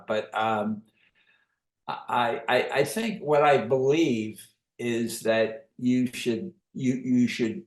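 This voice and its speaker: A man, an author, reflecting thoughtfully in an interview, halting with many pauses. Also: on the low side, darkish tone, reverberant. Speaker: author guest.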